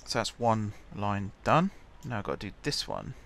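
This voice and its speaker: A man talks through his game in a casual, half-muttered way, as if thinking aloud. His voice sits a bit low. Faint background noise and mouse clicks sit behind him. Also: sing-song, normal speed, gravelly, fairly bright tone. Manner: chatty, muttering to himself while building. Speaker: gaming channel host.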